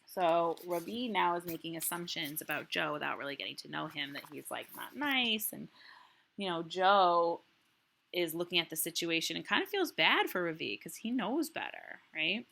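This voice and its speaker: A woman teacher reading a children's novel aloud and pausing to ask the class questions, checking in with "right?" as she goes. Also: on the low side, lively intonation, vocal fry, pushed and bright.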